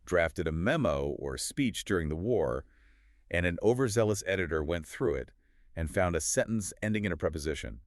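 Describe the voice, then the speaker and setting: A man with a very deep voice co-hosting a podcast and explaining things in a measured, wry way. He is recorded close and dry, with no room around him. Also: animated, dry recording. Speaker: podcast co-host. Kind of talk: scripted conversational podcast.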